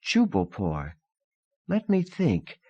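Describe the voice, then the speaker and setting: A man's voice: on the high side, wildly swooping pitch, takes it slowly, breathy edge, dry recording, lo-fi sound, pitched above the performer's own voice, exaggerated voice. A man putting on a gracious young hostess. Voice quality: bright, gracious, curious. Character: poised young woman, polite wealthy hostess.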